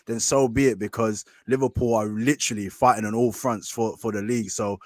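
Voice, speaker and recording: A man co-hosting a casual football talk show who talks in a relaxed, playful way and often restarts his sentences. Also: lowish voice, a little fast, no echo. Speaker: football podcast co-host.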